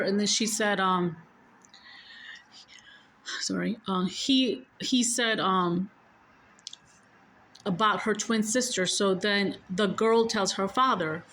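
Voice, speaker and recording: A woman's voice: medium pitch, a bit bright, slight background noise, low-quality recording. A woman telling a personal story in a casual, rambling way, correcting herself often and swearing freely.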